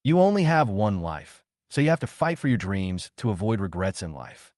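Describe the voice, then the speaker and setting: A man's voice: lowish voice, big pitch swings, moderate pace, darkish tone, no room sound, studio quality. A man voicing a friendly, persuasive male university professor recruiting a student. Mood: encouraging.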